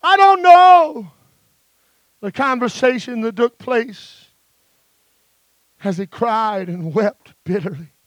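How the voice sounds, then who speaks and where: A man's voice: extremely high pitch, lively intonation, takes it slowly, long pauses, no echo. A man preaching a sermon with emphatic phrasing, punctuating his lines with "uh", with guitar music playing behind him.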